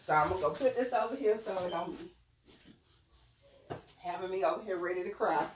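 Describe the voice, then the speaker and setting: A woman's voice: lowish voice, fairly quick, slight background noise. A young woman hosting a casual live stream from home on her phone, chatting with viewers by name as she demonstrates her products. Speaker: live-stream host selling crystals and readings.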